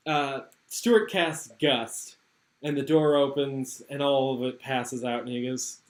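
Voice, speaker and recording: A man's voice: medium pitch, slow pace, slight background noise. A man running a tabletop game as game master, laughing often. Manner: laughing often, relaxed with fillers. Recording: echoey room.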